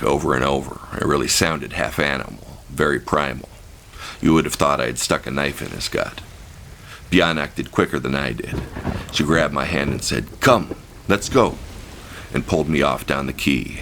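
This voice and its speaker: A man reads his memoir as an audiobook, frank and vivid, with crude language. His voice is extremely deep and gravelly. A faint hiss of noise sits behind him. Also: moderate pace, fairly bright tone. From United States. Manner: frank, profane, vivid storytelling. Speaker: author-narrator.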